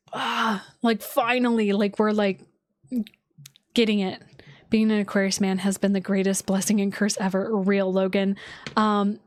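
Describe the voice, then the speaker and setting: A woman's voice: medium pitch, no room sound. A woman astrologer chatting casually on a livestream from home, loose and filler-heavy, with casual swearing.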